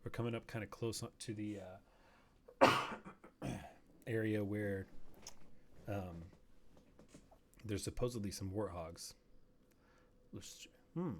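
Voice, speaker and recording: A man's voice: lowish voice, fairly even intonation, slow pace, pauses often, fairly bright tone, a little hiss or hum. A man streaming a hunting game, rambling casually and dropping to a near whisper while sneaking up on animals. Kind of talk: casual gameplay commentary.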